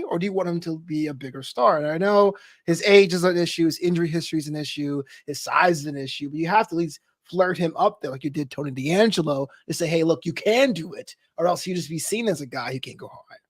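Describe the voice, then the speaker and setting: High-voiced animated male podcast co-host. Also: fast talker, few pauses, no echo, studio quality. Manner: animated, emphatic, jokey. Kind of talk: casual wrestling podcast chat.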